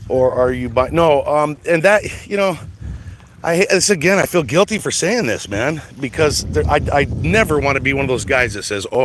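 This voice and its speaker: A middle-aged man from the United States hosting a casual livestream chat, rambling with stammered restarts and casual swearing. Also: mid-range voice. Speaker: livestream host reading chat. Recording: steady background noise.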